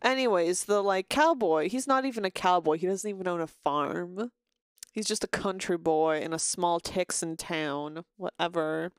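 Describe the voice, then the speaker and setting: A woman's voice: on the low side, moderate pace, clean tone, no echo, clean studio sound. A woman live-streaming a game, chatting casually in a rambling way, swearing freely and breaking off to greet viewers. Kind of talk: casual live-stream chat while gaming.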